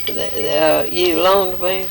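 Low-voiced woman searching for words. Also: fairly even intonation, slow pace, creaky, a little hiss or hum, poor audio. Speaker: test taker.

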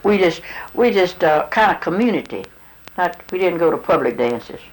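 A woman's voice: fairly low pitch, animated, normal speed, poor audio. An older woman being interviewed, answering in a plain, casual way with short replies and hesitant restarts. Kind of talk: casual recollection.

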